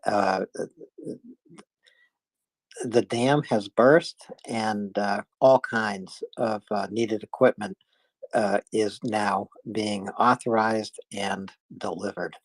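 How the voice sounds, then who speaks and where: Low-voiced man, halting with fillers. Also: fairly even intonation, no echo. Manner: hesitant, many filler sounds. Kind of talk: casual online discussion.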